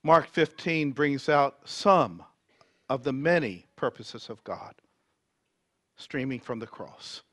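A male preacher reads scripture in a slow, deliberate sermon. His voice is lively and full of movement, rising to loud emphasis and sinking to near whispers. The sound is dry and close. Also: medium pitch, no room sound. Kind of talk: sermon with dramatic scripture reading.

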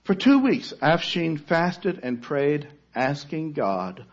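A man preaching a sermon, telling a story dramatically, rising to loud cries and then falling to a near-hush. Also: on the high side, big pitch swings, takes it slowly, hardly any pauses, dull audio.

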